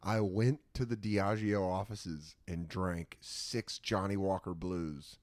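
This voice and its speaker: An American man chatting casually, telling lively stories and swearing freely. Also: deep voice, slow pace, dry recording. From United States. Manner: animated storyteller, swears freely. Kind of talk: casual chat.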